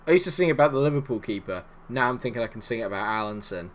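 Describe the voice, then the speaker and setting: A man, a gaming YouTuber, commentating live on his own match in a jokey, excitable way and breaking into shouts when his side scores. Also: mid-range voice, rapid-fire, few pauses, slight background noise.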